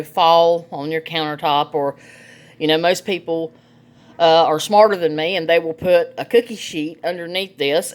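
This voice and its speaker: A middle-aged woman, chatting folksily through a cooking demonstration in her home kitchen and laughing often. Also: on the low side. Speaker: home cook, vlog host.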